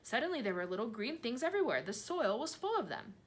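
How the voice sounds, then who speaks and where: A woman voicing a gracious, gentle female spider in a storybook. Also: fairly high pitch, very animated, quick pace, voice pushed up.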